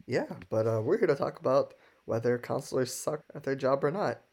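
A man's voice: medium pitch, lively intonation, a little fast, a little mellow. A young man co-hosting a podcast, telling stories in a loose, filler-heavy way. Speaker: podcast co-host. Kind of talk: casual podcast chat.

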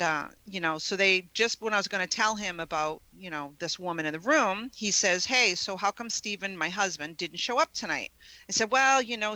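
A woman with a New England accent, an author telling a ghost story with lively acted-out quotes in a radio interview. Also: lowish voice, no room sound, rough recording. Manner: animated storyteller, acts out quotes. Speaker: paranormal investigator and author.

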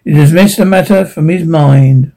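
A man narrating a short story aloud, with a halting delivery that stumbles over words. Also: on the high side, gravelly, warm tone, low-quality recording. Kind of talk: storybook reading.

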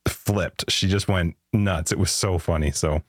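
A man's voice: deep voice, fairly even intonation, a little slow, no echo, clean studio sound. A man hosting a podcast, telling rambling anecdotes in casual chat and laughing often. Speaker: podcast host.

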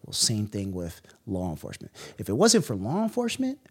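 A man in his thirties from the Bay Area, telling stories from his past as a guest in a podcast interview, animated and full of slang. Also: lowish voice, brisk, breathy edge. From Bay Area, California. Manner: animated storytelling with slang and laughs. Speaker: guest, business owner and former police officer.

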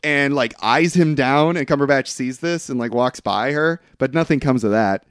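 This young man is co-hosting a podcast and loosely recapping a film's story, breaking into the characters' lines with leaps in pitch as he rambles. He talks at a moderate pace in a smooth voice. The sound is studio quality with no room noise.

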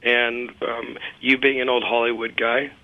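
A man speaks as a guest on a talk radio show, explaining business topics in a steady, businesslike way. His intonation stays flat and even. The sound is slightly dull and lo-fi. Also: medium pitch, a little slow. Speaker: guest, company CEO. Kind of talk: casual talk radio interview.

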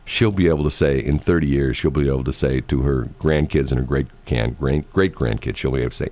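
A man's voice: very deep voice, a little fast, hardly any pauses, a little mellow. A middle-aged man hosting a morning radio show, rambling in casual chat and laughing often, recorded in a radio studio.

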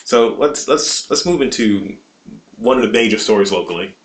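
Podcast co-host from West Baltimore, high, rambling jokester, bright bouncy voice in an echoey room. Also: male voice, expressive, moderate pace, background noise. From West Baltimore, USA. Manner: jokey, rambling, swears, laughs at own jokes. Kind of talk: casual profane banter.

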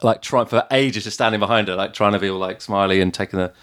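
A man's voice: lowish voice, quick pace, no room sound. Dry-voiced man spinning an anecdote. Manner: animated anecdote-teller who acts out quoted people. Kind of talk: casual chat.

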